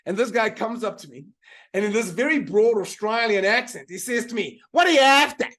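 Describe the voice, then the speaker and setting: This mind power teacher running a live online motivational seminar has a high, fairly bright voice and talks fairly quickly. Full of energy, he hammers home key lines through repetition while repeatedly asking viewers to answer in the chat.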